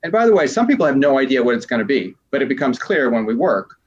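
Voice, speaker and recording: A transformational coach talks casually in an interview, rambling and animated as he acts out little quoted exchanges. His mid-range voice moves fast, and the sound is lo-fi.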